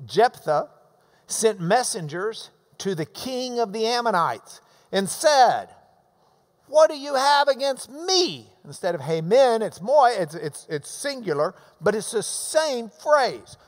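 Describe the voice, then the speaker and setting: A man preaching a sermon, teaching slowly and emphatically and repeating his phrases for weight. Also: high-pitched, big pitch swings, long reverb tail.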